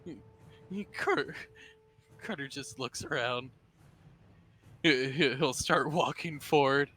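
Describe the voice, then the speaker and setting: A man narrating a tabletop role-playing game as game master, unhurried with frequent restarts. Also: mid-range voice, pushed and bright, faint music behind.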